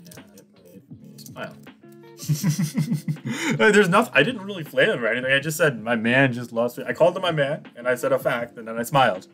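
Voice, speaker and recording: A man's voice: medium pitch, fairly bright tone. A young man giving casual, cocky commentary on his online game, teasing his opponent and laughing often. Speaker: gaming YouTuber.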